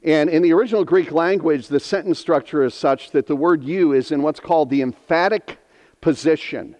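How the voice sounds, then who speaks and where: A pastor in his fifties from northeastern Pennsylvania preaches earnestly and emphatically, repeating key phrases for weight. His voice is fairly high and darkish at a normal speed, trailed by long reverb.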